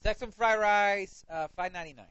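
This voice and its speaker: A man's voice: sits high, brisk, fairly bright tone, smooth, no room sound, dull audio. A man playing a mishearing takeout phone clerk. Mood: confused. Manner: clipped, mishearing replies. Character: flustered female takeout phone clerk with broken English.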